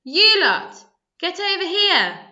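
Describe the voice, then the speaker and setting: A woman's voice: medium pitch, a little slow, pushed and bright, muffled recording. A woman voicing a cocky, mischievous boy who leads a gang, bold and scheming. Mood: shouting.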